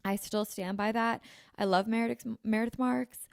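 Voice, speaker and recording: A woman's voice: a little high, steady tone, moderate pace, gravelly, smooth, dry recording, clean studio sound. A young American woman from the Philadelphia suburbs, hosting a podcast in casual chat and filling her speech with "like", a little sniffly. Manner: chatty, filler-heavy, says "like" constantly. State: sniffly, slightly runny nose. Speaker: podcast host. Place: apartment room. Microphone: podcast mic with video.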